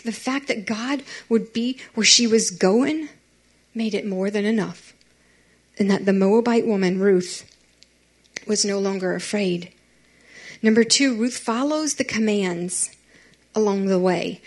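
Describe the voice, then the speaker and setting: A young woman, giving a chatty, animated youth sermon and talking straight to teenagers. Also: mid-range voice. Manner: chatty and animated, addressing teens directly.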